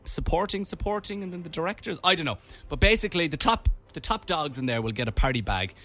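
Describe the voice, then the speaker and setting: A man's voice: a little high, animated, fast, fairly bright tone, soft background music. A man from Ireland co-hosting a radio show, chatting casually and reading out items with playful commentary. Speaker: radio host.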